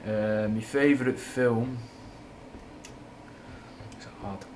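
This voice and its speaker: Talking very slowly in a mellow, medium-pitched voice with fairly even intonation, a young Manchester streamer rambles through chat questions. His Mancunian accent carries a slight Scouse twang, and he's frank, slangy and sweary, with a little hiss or hum present.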